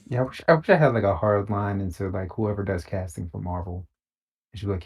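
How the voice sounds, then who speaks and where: A man's voice: fairly low pitch, quick pace, slightly rough. A man co-hosting a gaming stream, chatting casually in a laid-back, slangy way with lots of fillers. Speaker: podcast co-host. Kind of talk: casual chat while gaming.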